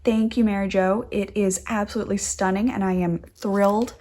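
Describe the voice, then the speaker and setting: A woman's voice: mid-range voice, steady tone, moderate pace, dark tone, slight background noise. A young woman hosting a knitting podcast, chatting casually and gushing over crafts she shows. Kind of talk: casual show-and-tell chat.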